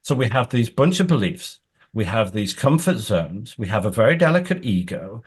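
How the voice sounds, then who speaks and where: A man who works as an executive coach, explaining his points through lively examples and scenarios. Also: lowish voice, normal speed, husky. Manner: animated storyteller.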